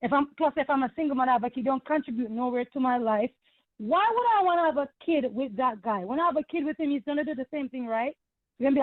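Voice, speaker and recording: A woman's voice: sits high, quick pace, no echo. Indignant woman on a phone line. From Caribbean. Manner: emphatic, repetitive, indignant. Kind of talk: heated call-in rant.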